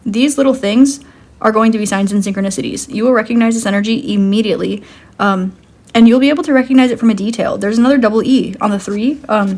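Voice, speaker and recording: A woman with a somewhat high voice talks through an intuitive card reading. She rambles loosely, filling her speech with "um" and "like" and laughing easily as she goes. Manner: rambling, full of "um" and "like", giggly. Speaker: tarot card reader.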